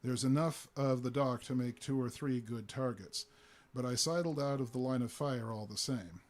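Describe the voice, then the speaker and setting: Man reading a story aloud. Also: medium pitch. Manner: deliberate storytelling with occasional fillers. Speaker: reader.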